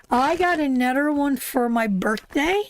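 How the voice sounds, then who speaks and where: Slow, fond older Newfoundland woman. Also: high-pitched, lively intonation, a little hiss or hum. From Newfoundland, Canada. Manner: affectionate, calls viewers darling and sweetheart. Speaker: tarot reader hosting a live stream. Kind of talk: casual live-stream talk.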